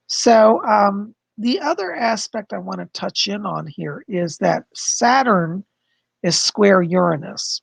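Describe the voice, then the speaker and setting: A man hosting a casual livestream astrology forecast, chatty and explanatory, hoarse as he loses his voice. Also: high voice, expressive, takes it slowly, dry recording. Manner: chatty, explains with frequent "okay?" and "you know". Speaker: psychic astrologer host.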